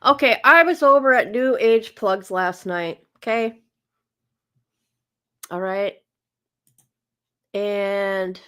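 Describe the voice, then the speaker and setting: A woman chats to her livestream viewers in a loose, casual way, circling back to the same phrases. Her voice sits a little high, and she takes her time, drawing her words out slowly. It is close, direct talk, like a streamer at her desk mic. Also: a bit bright. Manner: chatty, talks straight to viewers, repeats herself. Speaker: livestream host.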